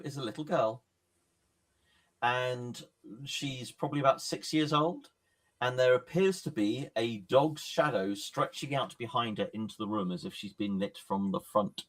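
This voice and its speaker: Slow, measured man narrating a game. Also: medium pitch. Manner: measured, descriptive, with pauses. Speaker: game master. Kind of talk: narrating a horror tabletop game.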